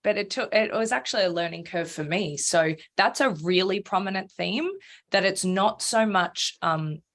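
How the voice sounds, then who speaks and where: A woman speaking as a podcast guest, frank and animated, swearing freely and acting out her own inner voice. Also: medium pitch, normal speed. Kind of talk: candid conversational interview.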